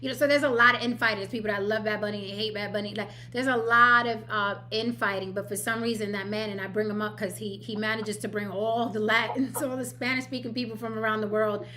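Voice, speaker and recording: A woman from New York hosting a casual livestream panel chat, blunt and quick to laugh, swearing freely. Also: medium pitch, steady tone, sharp tone, a little hiss or hum. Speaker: host.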